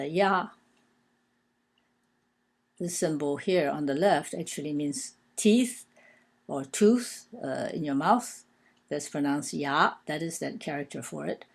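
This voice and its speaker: A language teacher with a low, gravelly, creaky voice that's a little mellow explains characters one at a time. She speaks slowly, patiently and deliberately, pausing often for filler sounds.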